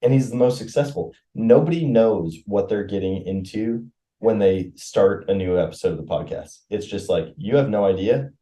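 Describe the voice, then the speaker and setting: A man co-hosting a casual podcast with his wife, joking and telling quick stories. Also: on the low side, warm tone. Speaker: podcast co-host. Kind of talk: casual chat.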